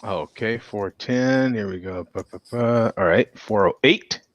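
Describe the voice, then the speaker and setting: A man hosting a casual chat show, easygoing and quick to laugh, with lots of fillers. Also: lowish voice, dry recording. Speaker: show host.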